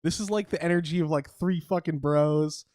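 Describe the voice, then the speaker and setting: A man's voice: fairly high pitch, fairly quick, a little mellow, dry recording, studio quality. A young man co-hosting a casual podcast, slangy and joking, with lots of fillers. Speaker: podcast co-host.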